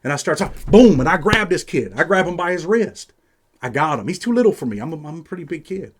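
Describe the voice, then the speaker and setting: New guy talking street style, cussing a lot, kinda higher pitched, keeps saying man. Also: big pitch swings, quick pace, crowd noise. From New York. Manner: streetwise, profane, peppers speech with "man". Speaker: host. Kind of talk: casual first-person storytelling.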